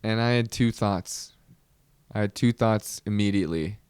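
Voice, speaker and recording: A young man hosting a podcast, telling a comedic story with animated, exasperated outbursts. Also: on the low side, moderate pace, smooth, dry recording. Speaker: podcast host.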